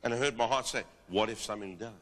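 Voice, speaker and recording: A middle-aged man preaching, telling a testimony with animated delivery and rising into declamatory prophecy. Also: lowish voice, quick pace. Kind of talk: sermon with testimony and prophetic exhortation. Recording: long reverb of a large hall.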